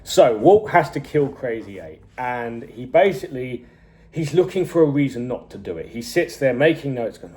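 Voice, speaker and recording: A man casually reviewing a TV series, retelling scenes with animated energy, frequent chuckles and swearing. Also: mid-range voice, brisk. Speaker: TV show reviewer.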